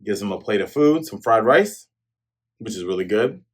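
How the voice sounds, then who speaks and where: A man casually recapping a comic chapter, retelling it in a slangy, animated way and dropping into quick character voices. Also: fairly low pitch.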